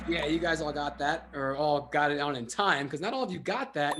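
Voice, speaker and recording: A man hosts an online trivia game with an upbeat, playful manner. His voice sits high and he swings it around with animated energy. He keeps things light with self-mocking jokes as he walks players through the rounds. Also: a little fast, hardly any pauses, music in the background.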